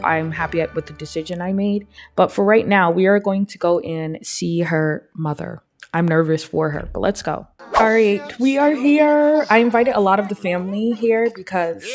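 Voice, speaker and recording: Woman gameplay host, casual chatty commentary, quick voiced asides. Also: mid-range voice, a little mellow. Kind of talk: casual let's-play commentary.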